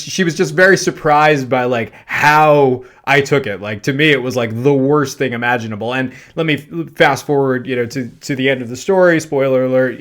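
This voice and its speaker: Guy hosting a podcast telling a story about himself, rambly with lots of uh and you know, chuckles at his own mishap. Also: medium pitch. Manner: animated anecdote telling with frequent fillers and self-deprecating laughs. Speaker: podcast host. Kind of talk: storytelling monologue.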